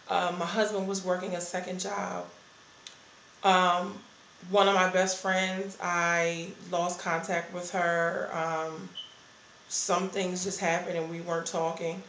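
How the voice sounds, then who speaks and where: A woman's voice: lowish voice, a bit bright, reverberant, slight background noise, low-quality recording. A woman giving a candid, earnest personal testimony about her church life. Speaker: church member sharing a testimony.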